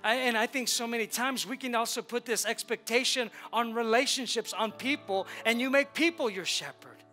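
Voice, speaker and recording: A man's voice: very high voice, moderate pace, sharp tone, soft background music. A male pastor preaching a sermon in a church, leading the congregation in call-and-response with emphatic repetition. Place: church sanctuary.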